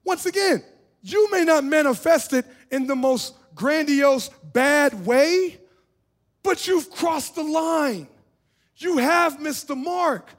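A man preaching a sermon as pastor, with sudden swings between shouting and hushed lines, repeating his phrases and laughing in bursts. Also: very high-pitched, animated, slow pace.

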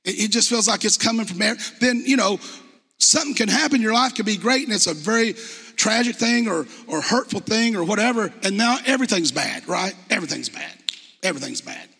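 A man preaching in a church, his voice pitched high and sharp with a husky edge. He talks to the congregation in a conversational but impassioned way, full of rhetorical questions. The sound carries a long reverb from the church hall. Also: lively intonation, brisk. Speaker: pastor. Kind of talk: sermon. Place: church sanctuary.

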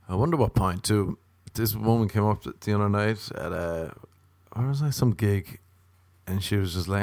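A man doing a stand-up comedy routine, from Ireland, talking in a deadpan way with dry repetition and mocking acted-out quotes. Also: fairly low pitch, normal speed, dry recording.

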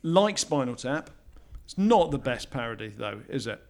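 A man's voice: mid-range voice, very animated, moderate pace. A man chatting casually on a podcast, full of stammered restarts and strong opinions, recorded in a home garage studio. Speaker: podcast co-host. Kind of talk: casual chat.

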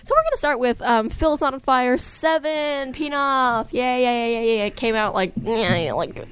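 A woman co-hosting a casual podcast, rambling and giggling excitably. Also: fairly high pitch, normal speed, clean tone. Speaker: podcast co-host.

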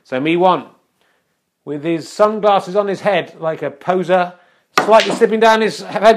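A man with a fairly high voice delivers tongue-in-cheek snooker commentary. He keeps a mock-serious broadcaster's tone while slipping in dry, wry asides. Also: unhurried. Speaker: comic mock sports commentator.

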